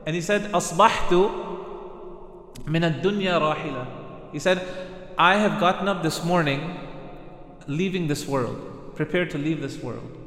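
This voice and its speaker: A man giving a sermon in a large, echoey hall where his voice rings on with a long tail of reverb. His voice sits a bit high for a man, and he talks earnestly. He restarts often and recites Arabic phrases along the way. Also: measured pace, pauses often, fairly bright tone. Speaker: Islamic preacher. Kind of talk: sermon with retold stories.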